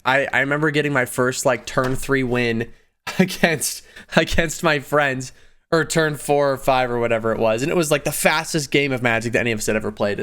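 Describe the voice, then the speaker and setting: A man in his twenties telling personal stories in a casual vlog, animated, laughing often and jumping up in pitch on emphasis. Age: 20s. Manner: animated, laughing storyteller with sudden pitch jumps. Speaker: video creator.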